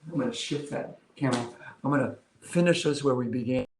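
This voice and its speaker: A man leading a yoga class, giving calm step-by-step cues while he demonstrates the poses and counts breaths. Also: mid-range voice, brisk, noisy background. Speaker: yoga instructor. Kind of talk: guided yoga class instruction. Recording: roomy echo, mic far off.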